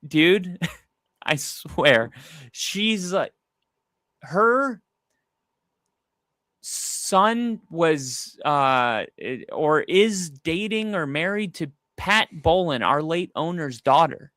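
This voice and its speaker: A man's voice: fairly high pitch, extremely slow, dry recording, studio quality. A man co-hosting a casual football podcast, telling stories animatedly and acting out the quotes. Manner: animated storyteller, acts out quotes. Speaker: podcast co-host. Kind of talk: casual sports chat.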